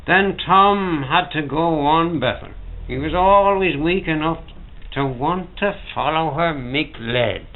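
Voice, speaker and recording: A man in his seventies with a Dublin accent reading his own prose in a measured, dramatic way, recorded at home. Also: fairly high pitch. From Ireland. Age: 70s. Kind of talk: literary reading. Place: private home. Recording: tinny 1950s home recording.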